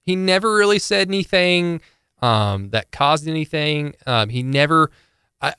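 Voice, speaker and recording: A man's voice: a little high, expressive, a little slow, sharp tone, clean tone, no echo, studio quality. A man co-hosting a podcast in casual sports chat, rambling with many fillers and restarts. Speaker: podcast co-host.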